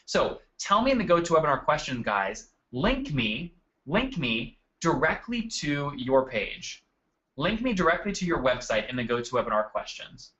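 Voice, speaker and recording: A man's voice: on the high side, sing-song, normal speed, bright, forceful tone, highs cut off. A man hosting a live marketing webinar, talking energetically and calling out attendees by name from his desk. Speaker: webinar host. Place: home desk.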